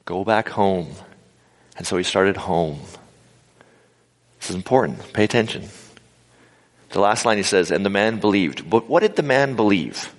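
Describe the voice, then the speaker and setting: A man's voice: low-pitched, lively intonation, unhurried, pauses often. A man preaching an informal sermon to a live audience, acting out quotes and making humorous asides. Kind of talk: conversational sermon. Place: large hall with a live audience. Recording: live sermon in a reverberant hall.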